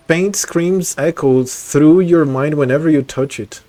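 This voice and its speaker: A man's voice: a little high, measured pace, warm tone, low-quality recording. A young man streaming a video game, chatting casually, swearing and reading item text aloud. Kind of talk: casual gameplay commentary.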